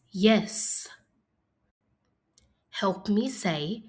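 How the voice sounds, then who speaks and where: Encouraging and animated, a woman at medium pitch teaches phonics to early-years pupils, pronouncing everything slowly and clearly in a classroom style.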